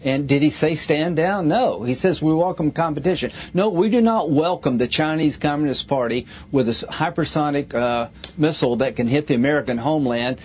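A man's voice: on the high side, a little fast, few pauses, darkish tone, a little hiss or hum. A man speaking indignantly and emphatically in a played clip about politics.

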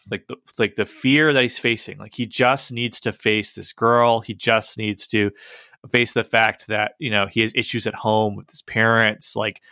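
A man's voice: lowish voice, sharp tone, dry recording. A young man in casual chat, recapping a cartoon with many fillers and laughs. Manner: rambling, filler-heavy, laughs while telling.

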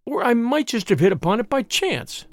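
A man's voice: very high-pitched, very animated, moderate pace, no echo, studio quality, pitched above the performer's own voice. A man voicing a cheeky young woman who bluffs in a sweet, arch tone in a storybook reading. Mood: coy.

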